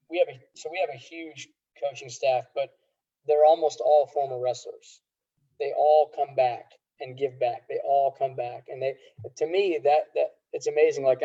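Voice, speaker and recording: A middle-aged man, a high school wrestling coach, talking earnestly in a casual podcast interview, rambling with many restarts. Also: mellow. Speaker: head wrestling coach, guest. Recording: dull lo-fi sound.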